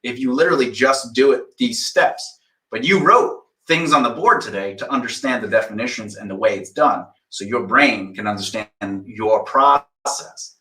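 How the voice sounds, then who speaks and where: A man's voice: medium pitch, normal speed, bright, forceful tone, recorded from a distance. A man insistently lecturing a younger colleague in a heated casual argument. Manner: insistent, lecturing, mimics others. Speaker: mentor. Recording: echoey room, off-mic.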